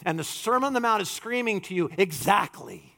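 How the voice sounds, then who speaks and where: A male pastor delivers a sermon in a high, very lively voice. He swings between loud, emphatic lines and hushed ones, acting out quotes as he goes. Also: a little fast, vocal fry.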